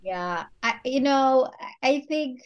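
A woman's voice: sits high, lively intonation, slow pace, smooth, highs cut off. A woman co-hosting a podcast in casual chat, speaking reflectively and candidly. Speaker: podcast co-host.

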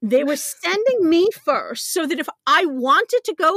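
A middle-aged woman, a podcast guest, telling a story with real animation and a habit of laughing at herself. Her voice sits high and swings widely in pitch. The recording is close and dry, with almost no room sound. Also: unhurried, no room sound. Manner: animated, laughs often, self-deprecating. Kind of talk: conversational storytelling.

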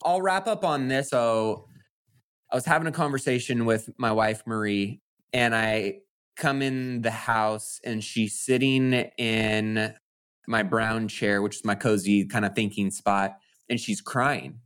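A man's voice: on the low side, fairly even intonation, measured pace, fairly bright tone, smooth. A man co-hosting a podcast, talking in an earnest, motivational way in casual chat. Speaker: podcast co-host.

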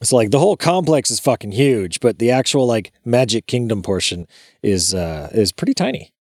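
Podcast co-host, man, animated pitch, profane jokey banter, dry close sound. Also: normal speed, no echo. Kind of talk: casual chat.

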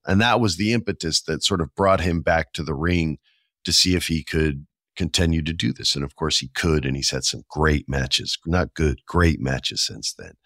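A man in his forties hosting a podcast, talking casually and with enthusiasm, and often slipping into quick voiced asides. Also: a bass voice, fairly bright tone, no room sound, clean studio sound. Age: 40s. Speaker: podcast host. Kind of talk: casual solo commentary.

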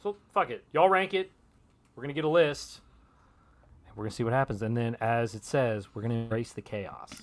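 A man co-hosting a podcast, animated and swearing in casual chat. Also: mid-range voice, brisk. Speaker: podcast co-host.

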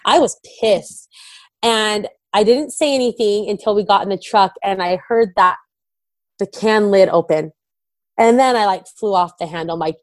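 A woman's voice: medium pitch, normal speed, no room sound. A young woman candidly telling an emotional personal story, often quoting herself and her husband. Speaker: guest, wife of a recovering addict.

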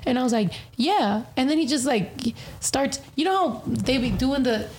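A woman's voice: high voice, lively intonation, normal speed, darkish tone. A woman in her thirties hosting a casual podcast, rambling and swearing freely, a little tipsy. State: tipsy from beer. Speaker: podcast host.

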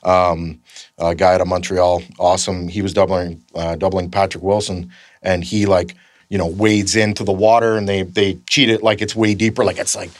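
Rambling, swearing Canadian man, low voice. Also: level tone, normal speed, no room sound, studio quality. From northern Canada. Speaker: guest, stuntman. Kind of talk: casual anecdote telling.

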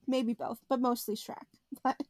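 A young woman co-hosting a podcast in casual chat, animated and laughing often as she tells stories. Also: fairly high pitch, unhurried, no echo. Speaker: podcast co-host.

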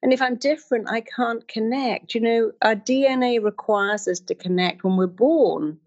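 A woman's voice: moderate pace, a little mellow, lo-fi sound. A middle-aged woman giving an emphatic motivational talk, acting out inner voices as she explains. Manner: emphatic, acts out inner voices with wide pitch swings.

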